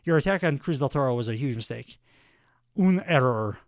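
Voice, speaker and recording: A man putting on a calm, veteran Mexican male wrestler with a put-on Mexican Spanish accent, giving measured warnings. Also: mid-range voice, no echo, clean studio sound, lightly acted. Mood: stern.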